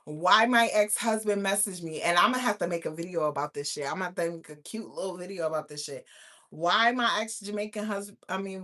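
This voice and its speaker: A woman in her thirties telling a profane, animated storytime rant as a vlogger. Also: medium pitch. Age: 30s.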